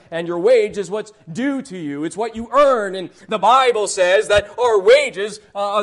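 A man's voice: sits high, fairly bright tone. A man preaching an impassioned evangelistic sermon, emphatic and reading scripture in old-fashioned wording.

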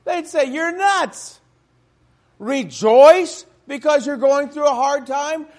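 Before a congregation, a man with a remarkably high voice delivers a sermon with emphasis, continually asking the room rhetorical questions.

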